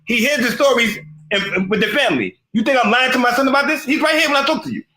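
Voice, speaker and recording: Middle-aged man from New York, high bright voice, insistent, rambling, heated debate. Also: quick pace, roomy sound, low-quality recording. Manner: insistent, rambling, keeps restarting sentences.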